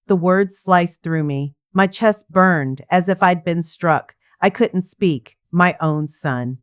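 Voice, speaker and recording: A woman's voice: on the low side, takes it slowly, hardly any pauses. A woman reading a first-person family drama story with emotional, dramatic delivery. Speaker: narrator.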